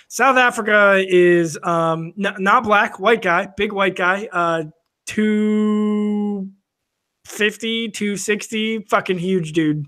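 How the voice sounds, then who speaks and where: A man's voice: high-pitched, slow pace, sharp tone. A man co-hosting a casual podcast, rambling through a story with lots of fillers and restarts. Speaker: podcast co-host. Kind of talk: casual chat over drinks.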